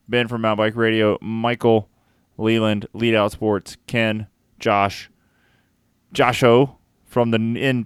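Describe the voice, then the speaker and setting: A man's voice: medium pitch, clear, resonant tone, no echo, clean studio sound. A man co-hosting a casual podcast who jokes around and rattles through long lists of names. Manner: joking, rattles off name lists. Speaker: podcast co-host. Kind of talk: casual chat.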